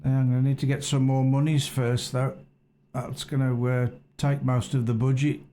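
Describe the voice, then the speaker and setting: A man's voice: medium pitch, little pitch movement, moderate pace, mellow. A man casually streaming a farming game, thinking aloud and chatting with viewers. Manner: musing, unsure, chats with viewers. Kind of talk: casual live-stream commentary. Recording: constant background noise.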